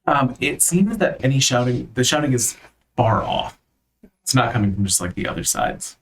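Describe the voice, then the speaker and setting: A man narrating a tabletop game as its game master, relaxed and loose, with plenty of ums and uhs. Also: medium pitch, moderate pace.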